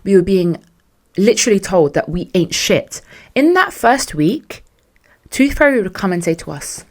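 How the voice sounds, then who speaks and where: A young woman hosting a podcast, telling a story in a sassy, animated way and acting out what others said. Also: on the low side, a little fast. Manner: animated, sassy, acts out quotes in other voices. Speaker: podcast host. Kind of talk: casual storytelling monologue.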